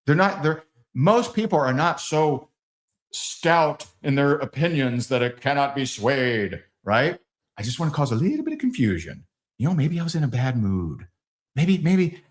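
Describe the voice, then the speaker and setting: A man in middle age runs a sales training with a lively, swooping delivery. He jumps into little acted scenes and his pitch sits right in the middle for a man. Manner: animated, acts out dialogues with big pitch swings.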